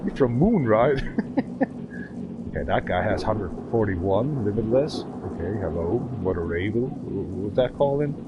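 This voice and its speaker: German guy in his 30s on a racing stream, slow jokey talk, bouncy pitch, engine noise behind. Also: lively intonation, dull audio. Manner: joking, laughs often, halting English. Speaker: gaming livestreamer. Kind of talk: casual livestream chat while drifting. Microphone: desk microphone. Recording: noisy stream with car sounds.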